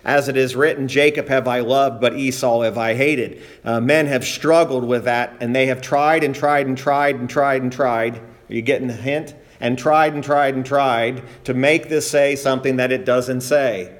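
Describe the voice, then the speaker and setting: A man preaching a sermon, reading scripture aloud and stressing points by repetition and slowing down. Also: medium pitch, steady tone. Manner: emphatic preaching, repeating phrases for stress, slowing down on key points; reads scripture aloud in King James wording.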